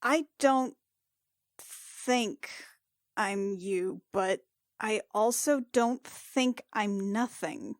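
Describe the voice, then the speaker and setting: A woman voicing a self-doubting young female cleric, speaking in a halting, hushed and slow manner. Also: mid-range voice, animated, dry recording, studio quality, pitched below the performer's own voice. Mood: resolute.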